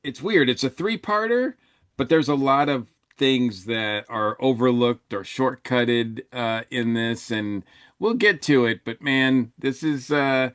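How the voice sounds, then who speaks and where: A man's voice: medium pitch, expressive, a little slow, fairly bright tone, smooth, no echo, studio quality. A man co-hosting a podcast in casual chat, rambling with many fillers and restarts. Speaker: podcast co-host.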